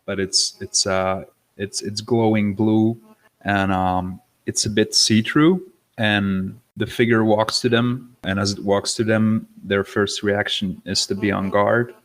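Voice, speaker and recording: A man describing a tabletop game scene in a halting way, with many ums and pauses. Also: lowish voice, fairly even intonation. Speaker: player.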